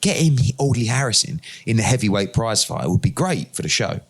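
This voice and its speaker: A middle-aged man, an interview guest, telling lively anecdotes and acting out the dialogue in them. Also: on the low side, a little fast, husky. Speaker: interview guest, boxing promoter. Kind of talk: conversational storytelling.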